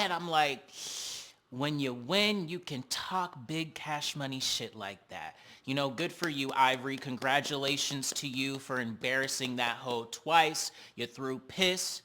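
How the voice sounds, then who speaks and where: A man hosting a reality TV recap, talking in a sassy, animated, slangy way. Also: medium pitch, unhurried. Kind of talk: casual commentary.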